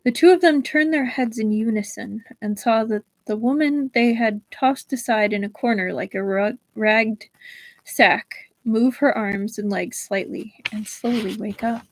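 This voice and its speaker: A woman reading a novel aloud on a livestream in a measured, expressive storytelling manner. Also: fairly high pitch, low-quality recording. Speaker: livestream book reader.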